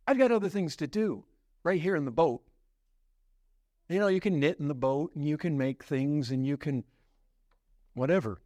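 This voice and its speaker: A male pastor with a high voice preaches with strong emphasis, firing off urgent questions and then dropping to a hushed tone. The recording is dry and close. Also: animated, normal speed, pauses often, no room sound. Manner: emphatic, swings from loud to hushed. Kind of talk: sermon.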